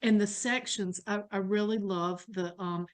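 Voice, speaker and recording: A woman's voice: mid-range voice, steady tone, unhurried. A woman interviewing a poet at a book launch, talking in a casual, effusive and enthusiastic way.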